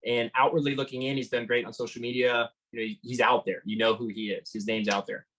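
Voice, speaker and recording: A man giving an interview, retelling a tense encounter in an animated way, with lots of fillers and restarts. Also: mid-range voice, fast, a little hiss or hum, poor audio. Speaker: motorcycle engine builder guest. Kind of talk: storytelling interview.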